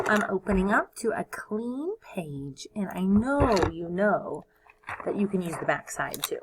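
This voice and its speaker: A woman with a medium-pitched voice teaches first graders through a recorded video, using an encouraging, sing-song delivery. She slowly sounds out words so the children can follow.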